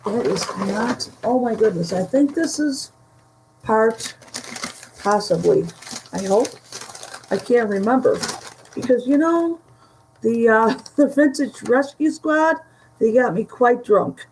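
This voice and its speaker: A woman chatting casually through a vintage haul, halting and giggly, her voice starting to go from a dry throat. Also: on the high side, animated, darkish tone, slight background noise, low-quality recording. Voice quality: gravelly, slow and halting. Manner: chatty, giggly, trails off mid-sentence. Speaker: vintage reseller showing a haul. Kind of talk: casual chat to a live audience.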